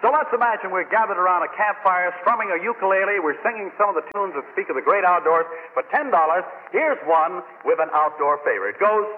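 A man's voice: high voice, expressive, fast talker, hardly any pauses. A man hosting a 1940s radio quiz show in a studio before an audience, jovial and chatty with the contestants. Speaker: quiz show master of ceremonies. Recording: tinny old radio broadcast with long hall echo.

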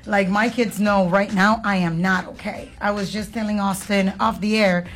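A woman's voice: mid-range voice, moderate pace, slight background noise. A woman in her thirties from Puerto Rico, co-hosting a candid chat, speaking earnestly about grief and acting out her children's words. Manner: earnest, open about grief, animated when quoting her kids. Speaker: podcast co-host.

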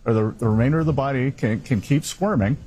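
Husky man rambling in an archive clip. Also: medium pitch, fast talker, mellow, poor audio. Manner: meandering, repeats himself. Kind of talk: recorded speech clip.

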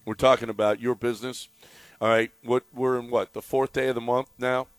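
Man, sports radio host, animated and excitable, mid-range voice, dry close sound. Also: medium pitch, fairly quick, no echo. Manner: animated, excitable, repeats words when riled up. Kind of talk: casual sports talk and live ad read.

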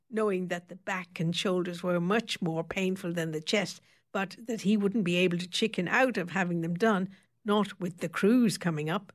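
A woman reading a novel aloud as audiobook narrator, in steady, expressive storytelling. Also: fairly low pitch, normal speed. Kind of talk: scripted narration.

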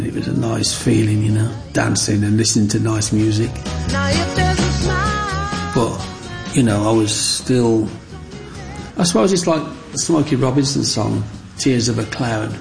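A gravelly, lowish male voice tells interview stories from his youth. When he quotes other children, he acts out their voices.

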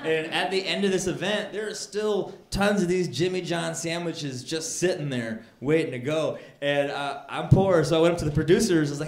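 A man's voice: on the high side, normal speed, few pauses. A man doing stand-up, telling a story and acting out scenes with rising outbursts. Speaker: stand-up comedian. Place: comedy club stage. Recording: roomy club with laughing audience.

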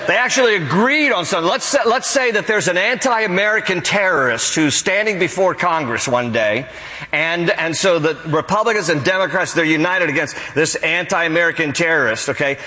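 High bright-voiced male pastor preaching. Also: moderate pace, big-room sound, poor audio. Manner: animated, acts out quotes. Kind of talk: sermon.

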